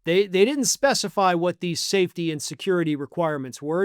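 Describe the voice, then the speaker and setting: A man's voice: high-pitched, animated, brisk, hardly any pauses, smooth, dry recording, clean studio sound. A man hosting online political commentary in a sarcastic, mocking manner. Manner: sarcastic, mocking, acts out quotes.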